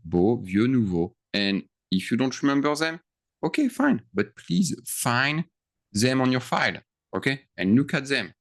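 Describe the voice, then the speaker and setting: Sounding lowish yet a bit bright, a male French teacher explains grammar over screen share, thinking out loud and pausing regularly with questions.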